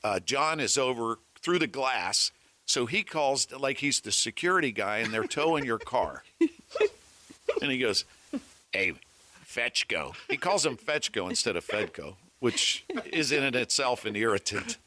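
A middle-aged man, a former weatherman and radio host, telling animated anecdotes among colleagues. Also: medium pitch, moderate pace, slight background noise. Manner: animated anecdote-telling, acting out phone calls. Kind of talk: casual storytelling among colleagues.

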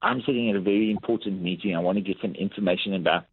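A man's voice: sits low, very fast, husky, no echo. A man, a lifestyle coach, telling workplace anecdotes in a podcast interview, acting out what people said. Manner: animated anecdotal storytelling with acted-out quotes. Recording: tinny phone-like line.

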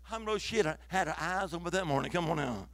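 A man's voice: fairly high pitch, expressive, fast talker, fairly bright tone, no room sound. A man preaching a revival sermon, exhorting the congregation with fervent calls of hallelujah.

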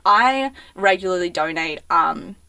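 A woman's voice: lowish voice, lively intonation, a little slow, bright, forceful tone, no room sound. A young woman, co-hosting a casual podcast chat in a chatty, enthusiastic way. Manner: chatty, enthusiastic, with many fillers. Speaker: co-host.

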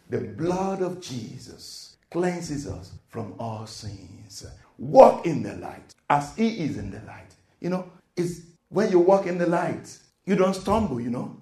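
A man's voice: high voice, a little mellow, echoey room. A male preacher delivering a sermon, repeating phrases and tossing in asides to the congregation. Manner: call-and-response asides, repeats phrases for emphasis.

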